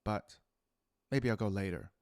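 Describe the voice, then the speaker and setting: Ranting New Zealand man, smooth voice. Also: fairly low pitch, a little slow, no echo, studio quality. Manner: profane, ranting, swings between loud and muttered. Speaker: podcast host. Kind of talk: rambling solo monologue.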